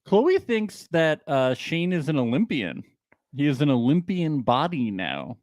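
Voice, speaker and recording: A man's voice: a little high, very animated, measured pace, darkish tone, no echo, studio quality. A man co-hosting a casual show recap podcast, jokey and laughing often. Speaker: podcast co-host.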